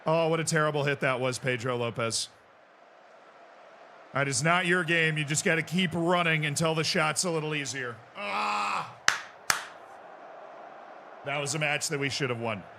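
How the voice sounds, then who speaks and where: A man streaming a football management game, calling the match play-by-play and shouting in excitement. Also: fairly high pitch, a little fast, slight background noise. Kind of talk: live gameplay commentary.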